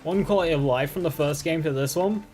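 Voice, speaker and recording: A man's voice: on the high side, quick pace, darkish tone, faint music behind. A man giving casual, chatty commentary while playing a video game, swearing offhandedly as he goes. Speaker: gaming YouTuber.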